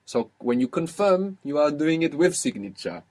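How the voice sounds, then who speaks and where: A man's voice: a little high, normal speed, darkish tone. A man teaching a language lesson, explaining patiently with frequent fillers.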